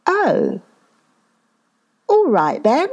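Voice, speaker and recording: A woman voicing a clever male monkey who is quick-witted and sly and talks in a bright, exclamatory way. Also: sits high, huge pitch swings, dull audio, voice pushed up, heavily acted. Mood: wary.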